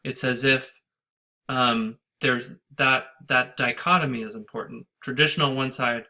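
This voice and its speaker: Guy teaching poetry scansion, bright forceful voice, reads verse all sing-song, thinks out loud. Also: mid-range voice, steady tone, normal speed. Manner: thinking aloud, hesitant restarts; speaks lines of verse in a sing-song rhythm. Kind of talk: recorded lecture on poetry scansion.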